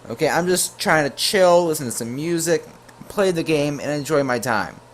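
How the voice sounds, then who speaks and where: A man casually telling a storytime tale to his viewers, full of jokey asides and quick self-corrections. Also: a little high, expressive, slight background noise. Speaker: YouTube storyteller.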